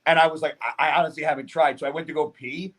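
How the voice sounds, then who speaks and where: A podcast guest recounts a story in loose, casual talk, rambling, swearing constantly and staying animated throughout. His voice sits a little high, and he races along.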